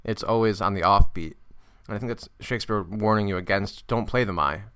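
A man's voice: fairly low pitch, brisk, a crowd in the background. A man co-hosting a podcast, casually retelling a play scene and acting out bits of dialogue. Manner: lively storyteller, acts out quotes. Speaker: podcast co-host. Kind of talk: casual chat.

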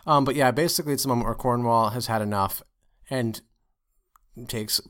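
Enthusiastic man, mid-pitched voice. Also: normal speed, clean tone. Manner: enthusiastic, animated, jokey. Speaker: podcast co-host. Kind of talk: casual theatre discussion.

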